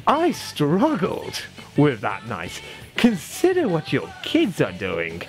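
A man's voice: wildly swooping pitch, takes it slowly, faint music behind. A man in his twenties giving sarcastic, profane reaction commentary on a video he is reviewing. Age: 20s. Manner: mocking, profane, swings pitch for sarcasm.

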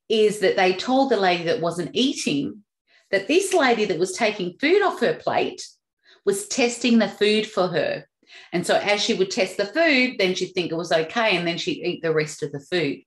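Chatty lady host doing a self-help talk, mid pitch, kinda roomy echo. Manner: chatty, laughs at her own stories. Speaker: podcast host.

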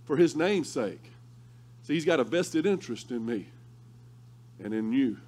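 A male pastor preaching a sermon through lively, humorous storytelling. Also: medium pitch, unhurried. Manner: animated, humorous storytelling with laughter.

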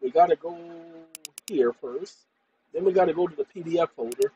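A tired man rambling through a casual computer tutorial, often addressing "ladies and gentlemen". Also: a little high, normal speed, slight background noise, low-quality recording. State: tired after a long day. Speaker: channel host. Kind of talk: casual screen-share tutorial and monologue.

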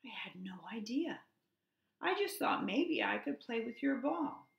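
A woman's voice: sits high, big pitch swings, measured pace, vocal fry, dull audio, pitched above the performer's own voice, heavily acted. A woman voicing a small, polite female bluebird in a storybook read-aloud, timid and polite. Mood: apologetic. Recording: echoey room.

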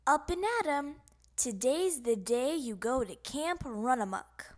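A woman's voice: sits high, expressive, measured pace. Patient frog dad in a kids' story, groaning tiredly, voiced by a woman. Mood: brisk. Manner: calling and groaning. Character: patient, long-suffering frog father.

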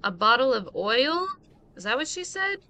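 A woman streamer giving playful, chatty let's-play commentary and reacting to the game out loud. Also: high voice, very animated, normal speed.

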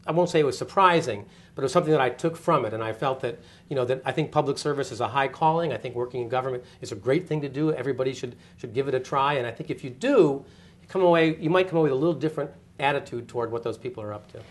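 An older man giving an oral history interview, telling stories with energy and acting out the people he quotes. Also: mid-range voice. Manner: animated storyteller, quick, acts out quoted voices with laughs. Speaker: interviewee, former communications director. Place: office interview setting.

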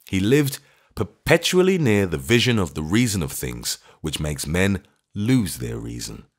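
Male narrator, low voice, animated, audiobook narration, measured. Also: slightly rough. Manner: measured storytelling. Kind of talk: scripted narration.

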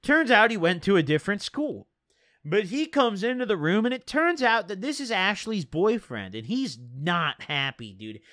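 A man's voice: high-pitched, very animated, moderate pace, sharp tone, dry recording, studio quality. A young man telling a rambling story in casual slang, full of "dude" and "bro". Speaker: storyteller vlogger.

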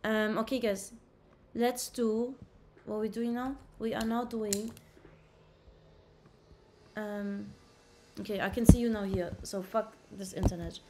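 A woman's voice: mid-range voice, steady tone, takes it slowly, long pauses, background noise. A woman livestreaming casually on a laptop mic, brash and profane, bickering with her chat. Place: indoors at a laptop.

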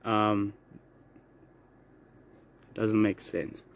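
Low, flat-voiced young man vlogging. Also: drawn-out words. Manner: rambling, self-correcting, laughing. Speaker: YouTube creator. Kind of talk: casual vlog intro.

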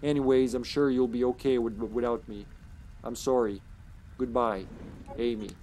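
A man reading a letter aloud as a sad young woman saying goodbye, in a put-on Southern American accent and a soft, wistful tone. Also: mid-range voice, steady tone, normal speed, slight background noise, close to an everyday voice.

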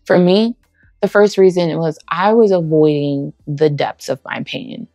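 Gravelly, heartfelt woman preacher, soft music behind. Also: low-pitched, a little slow, dry recording. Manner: heartfelt, conversational, acts out dialogue. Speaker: women's ministry speaker. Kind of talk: personal testimony sermon.

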